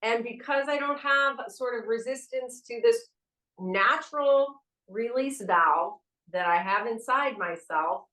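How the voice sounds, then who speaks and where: Frank, bright-voiced woman in echoey room. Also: a little high, lively intonation, unhurried. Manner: candid, frank, swears casually. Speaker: podcast co-host. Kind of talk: casual spiritual podcast chat.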